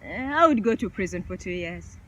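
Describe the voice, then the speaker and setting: A woman's voice: fairly low pitch, animated, brisk, background noise. A woman vlogger chatting casually through a question game, laughing often.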